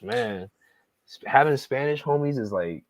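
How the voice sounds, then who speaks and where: A man co-hosting a casual reaction chat, talking in animated slang with frequent stammering restarts. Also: on the high side, unhurried, gravelly. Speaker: podcast co-host. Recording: dull dry mic.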